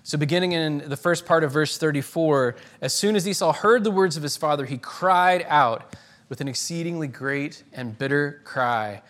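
A man's voice: on the high side, normal speed, a bit bright. A man preaching a sermon in a conversational way, restarting phrases and reading quoted lines with dramatic force.

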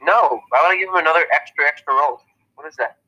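A man's voice: a little high, fast, bright, forceful tone, highs cut off. A man playing a smug, boastful male impresario who talks in a cocky, offhand way.

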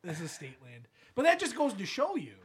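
A man co-hosting a podcast, telling a story in a casual chat and dropping low and quiet when he quotes people. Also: wildly swooping pitch, normal speed. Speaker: podcast co-host.

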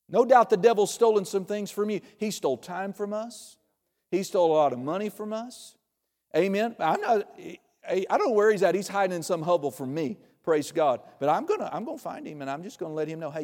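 Pastor, man, fairly high voice, chatty humorous sermon with loud bursts, long hall reverb. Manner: conversational, joking preaching with sudden loud bursts.

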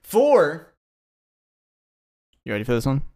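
A man's voice: mid-range voice, brisk. A man co-hosting a podcast in casual chat, swearing often, laughing and rambling between thoughts. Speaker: podcast co-host.

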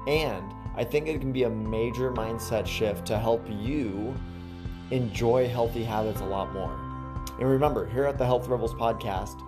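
A podcast host and health coach giving an enthusiastic, conversational motivational monologue. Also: medium pitch.

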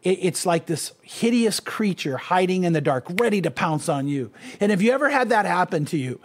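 A man's voice: high-pitched, sing-song, fairly quick. A man, a pastor, giving an earnest, conversational Bible teaching and speaking directly to his listeners.

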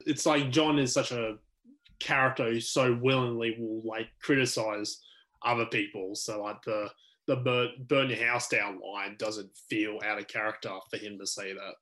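A man co-hosting a casual film podcast, relaxed and agreeable. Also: fairly low pitch, measured pace. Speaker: podcast co-host.

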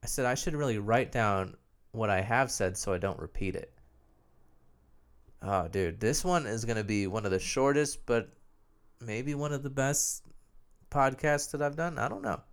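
A man's voice: mid-range voice, normal speed, long pauses, clear, resonant tone. A young man hosting a solo podcast while sick, with a nasal, phlegmy voice and a sore throat, rambling loosely and mocking himself, with plenty of swearing. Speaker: podcast host.

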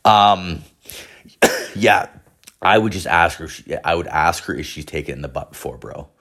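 A man's voice: sits low, moderate pace, a bit bright. A young man telling a rambling, profane story in a casual monologue, full of filler words and acted-out quotes from friends. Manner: acts out quoted friends in his own voice. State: hungover.

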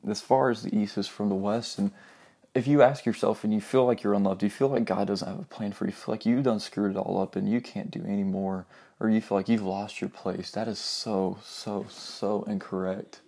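A young man preaching in an earnest, informal way. His voice is low, gravelly and mellow. He reads scripture aloud and sometimes sinks to a soft near-whisper to drive a point home. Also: fairly even intonation, normal speed. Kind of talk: informal sermon with Bible reading.

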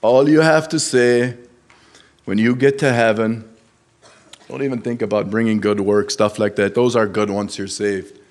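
This lay preacher's voice is fairly low, with fairly even intonation, as he delivers a sermon at a church service. His delivery is earnest and plain yet halting, full of restarts, with emphasis rising on quoted Scripture.

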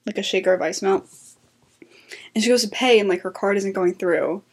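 Young woman, 20s, podcast co-host, conversational storyteller, middle pitch. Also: a little fast, slightly rough. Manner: storytelling, acts out quotes, lots of "like". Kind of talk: casual chat.

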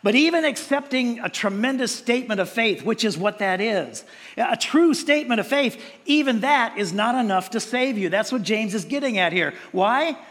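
A man's voice: very high voice, lively intonation, moderate pace, fairly bright tone, long reverb tail. A male pastor preaching a sermon in a conversational way, with frequent restarts and playful mimicked voices.

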